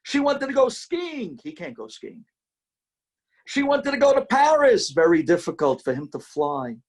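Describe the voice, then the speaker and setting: A man's voice: very high-pitched, wildly swooping pitch, a little slow, creaky. A man, a rabbi, telling a story in a sermon with dramatic emphasis.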